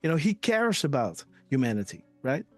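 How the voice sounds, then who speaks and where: A man's voice: a little high, very animated, normal speed, dry recording, soft background music. A man hosting a live online show, reading posts aloud in emphatic casual commentary and often adding "right?" and "you know". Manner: emotional, trailing off softly at ends.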